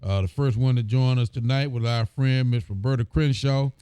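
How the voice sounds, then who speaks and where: A man's voice: medium pitch, normal speed, warm tone, smooth, no echo. A man, a sheriff hosting a casual live show, reading out and greeting viewers' comments by name.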